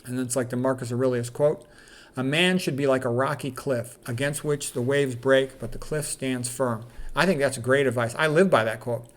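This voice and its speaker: A man's voice: medium pitch, normal speed. A middle-aged man, a doctor, reading quotes aloud and commenting on them in a candid, casual way with plenty of fillers.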